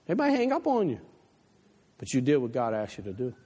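A male pastor delivers an impassioned sermon, his voice swinging widely from low, hushed asides to soaring high exhortations. The reverb of a big church hall hangs behind every line. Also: wildly swooping pitch, brisk, breathy edge. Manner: impassioned preaching, drops low for quoted advice. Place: church sanctuary.

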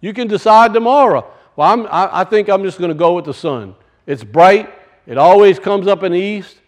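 High-voiced preacher, rising and falling. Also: male voice, lively intonation, normal speed. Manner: rises loud then drops to hushed, storytelling. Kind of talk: sermon with personal story.

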